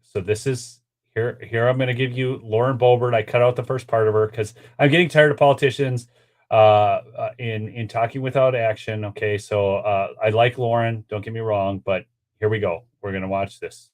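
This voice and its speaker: A man with a lowish, steady voice speaks at a moderate pace. He hosts a political commentary show, ranting directly to his viewers between clips in a worked-up, exasperated manner.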